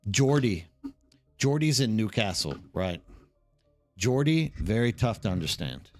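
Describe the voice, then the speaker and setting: A man's voice: lowish voice, very animated, measured pace, a little mellow, soft background music. A tired man from the Houston area, chatting casually as a livestream host and rambling with lots of "like" and "dude". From Texas, Houston area. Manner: rambling, chatty, says "like" and "dude" a lot, reads the chat aloud.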